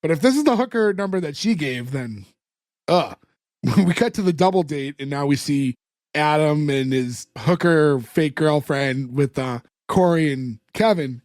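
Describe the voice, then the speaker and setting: A man's voice: a little high, animated, unhurried, a little mellow, dry recording, clean studio sound. A man co-hosting a podcast, chatting casually and rambling through a TV episode recap with many fillers. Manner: rambling, lots of fillers, retells scenes. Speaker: podcast co-host.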